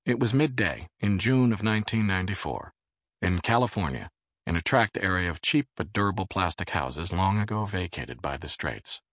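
A man reading an audiobook in a measured, expressive way. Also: deep voice, no room sound, clean studio sound. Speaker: audiobook narrator. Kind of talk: scripted audiobook narration.

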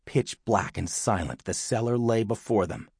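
A man narrating an audiobook in an expressive storytelling manner. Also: on the low side, normal speed, breathy edge, no room sound, clean studio sound. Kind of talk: scripted narration.

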